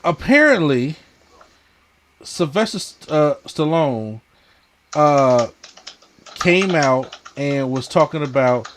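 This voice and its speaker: A man's voice: fairly high pitch, animated, slow pace, pauses often, a bit bright, slight background noise. A man hosting a casual pop culture podcast, talking animatedly and tripping over names as he reads quotes aloud. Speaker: podcast host.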